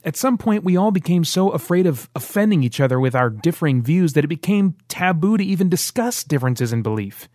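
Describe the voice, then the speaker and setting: A man's voice: on the high side, expressive, a little fast, a little mellow, slightly rough, no echo, studio quality, pitched above the performer's own voice. A man voicing a passionate, insistent young male rebel in an audiobook.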